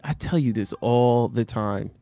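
A man with a New Jersey accent co-hosting a casual podcast, animated and laughing often. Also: mid-range voice, creaky, dry recording. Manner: animated, laughs often, acts out voices in quick bits. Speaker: podcast co-host. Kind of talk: casual chat.

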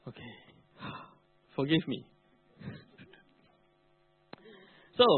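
A man's voice: a little high, very animated, measured pace, long pauses, slightly rough, no room sound. A male pastor preaching a sermon, emphatic with colloquial asides. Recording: narrow phone-like, dry.

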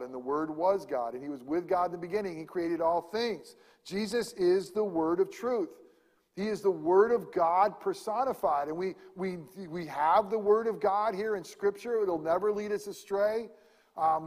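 High-voiced preacher with big dynamics. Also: male voice, big-room sound. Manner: dynamic preaching, swinging from loud emphasis to hushed near-whispers. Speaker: pastor. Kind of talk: sermon.

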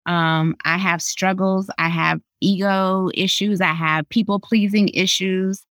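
A woman's voice: medium pitch, fairly even intonation, measured pace, fairly bright tone, no room sound. A woman in her thirties, a pediatrician, sharing earnest, emphatic testimony as a podcast guest. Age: 30s. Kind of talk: faith podcast interview.

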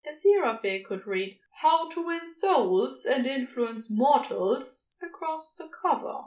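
A woman narrating a story in an expressive reading voice. Her pitch sits a little high and moves about a lot. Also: a little slow, low-quality recording. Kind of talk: scripted narration.

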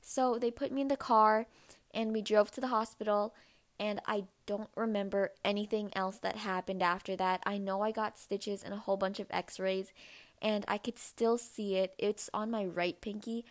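A young woman in casual storytelling mode, chatting on her own podcast. She talks loosely with plenty of "like" fillers, at an ordinary middle pitch. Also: steady tone, moderate pace. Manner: chatty, many "like" fillers, acts out quoted voices in a higher pitch. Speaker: podcast host.

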